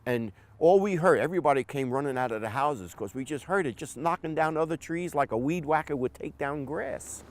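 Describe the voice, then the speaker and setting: Man, documentary interview, vivid describer, raised pitch. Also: animated, brisk, hardly any pauses. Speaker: local resident.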